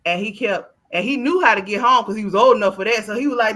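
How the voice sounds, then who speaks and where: A woman hosting a casual podcast chat, her voice bright and forward. She tells stories bluntly and swears freely, acts out the people she quotes, and laughs often. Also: mid-range voice, fast talker, few pauses. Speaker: podcast host.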